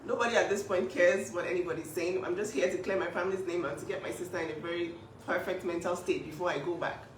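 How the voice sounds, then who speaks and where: A woman's voice: fairly low pitch, fairly even intonation, fast, a little hiss or hum. A woman speaking up for her younger sister in a vlog, emphatic and indignant, often repeating herself. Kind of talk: emotional vlog talk. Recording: echoey room, mic at a distance.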